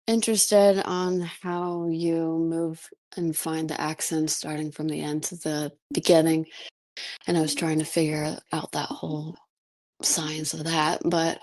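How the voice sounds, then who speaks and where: A woman student answering in a language lesson over a video call, speaking hesitantly with many pauses and fillers. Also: low-pitched, a little mellow.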